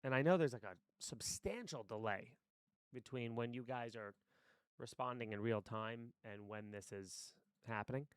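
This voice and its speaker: A man's voice: mid-range voice, normal speed, smooth, no room sound, studio quality. A man live-streaming, chatting loosely in a stream-of-consciousness ramble, swearing freely and talking to his viewers. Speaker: streamer and actor. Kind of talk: casual live-stream chat. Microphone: desk mic with headphones.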